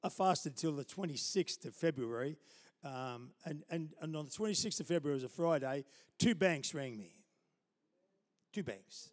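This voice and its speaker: A male pastor with a voice pitched a little high delivers a sermon, mixing humorous personal anecdotes and little laughs with surges of loud, emphatic preaching. His words ring out with a long tail of reverb from a large church hall. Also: lively intonation, normal speed. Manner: storytelling with chuckles, building to loud emphatic preaching.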